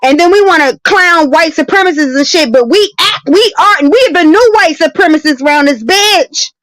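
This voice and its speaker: A confrontational woman fires off profane, repetitive challenges in a live-stream argument. Her voice sits very high and bright, cutting and sharp. The sound is dry and close, with no room around it. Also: animated, moderate pace, no echo, low-quality recording. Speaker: debating guest.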